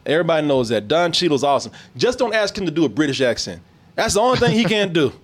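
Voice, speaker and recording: A man's voice: a little high, very animated, quick pace. A man hosting a podcast in loose, profane casual chat, laughing often. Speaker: podcast host.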